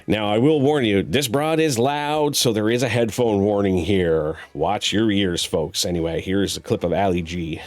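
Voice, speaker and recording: Low-voiced joking game show host. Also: male voice, normal speed, hardly any pauses, darkish tone, slight background noise. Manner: joking, teasing, bawdy patter. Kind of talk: streamed game show hosting.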